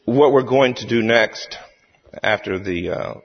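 A man chairing a church meeting, speaking haltingly with many fillers and restarts. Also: medium pitch, husky. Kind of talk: formal meeting chairing with a joke. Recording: echoey hall, dull lo-fi sound.

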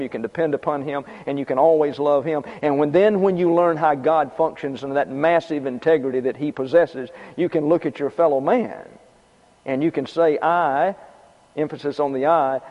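Man preaching in a reverberant hall. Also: a little high. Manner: conversational preaching with repeated points and asides. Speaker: pastor. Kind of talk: sermon. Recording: dull lo-fi sound with long reverb.

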